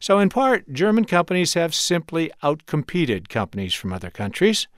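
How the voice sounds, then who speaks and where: Lively-voiced male radio correspondent. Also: a little high, dry recording, clean studio sound. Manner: measured, clear news delivery. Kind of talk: scripted news report.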